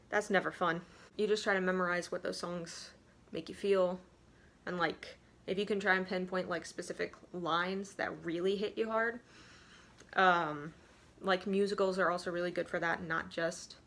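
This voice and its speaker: A young woman vlogger with a lowish, fairly bright voice shares confessional tips in a casual way. She rambles, pokes fun at herself, and fills her talk with "like" and side remarks.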